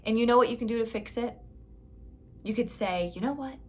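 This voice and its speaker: A woman's voice: on the high side, fairly even intonation, a little fast, darkish tone, a little hiss or hum. A woman in her thirties, a spiritual life coach, talking straight to her viewers in a casual motivational vlog, emphatic and dramatic and often laughing at herself.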